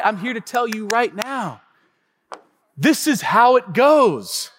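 High, lively male preacher in reverb. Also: a little slow. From Tacoma, Washington. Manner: animated storytelling preacher, calling out to the congregation. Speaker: pastor. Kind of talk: sermon. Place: church sanctuary. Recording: long reverb of a church hall.

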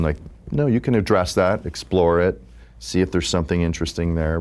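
A man's voice: low voice, a little fast. A man in his fifties, an improv comedian, talking casually in an interview with lots of "like" fillers. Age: 50s. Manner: relaxed, rambling with many "like" fillers.

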